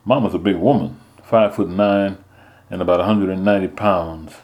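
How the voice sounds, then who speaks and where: A man narrating a first-person story in a measured storytelling manner. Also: low voice, muffled recording. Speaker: audiobook narrator.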